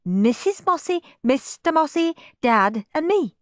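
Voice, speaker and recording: A woman voicing a busy, stern mother who speaks briskly and firmly in a storybook reading. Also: sits high, big pitch swings, dry recording, clean studio sound, pitched above the performer's own voice. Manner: brisk, firm.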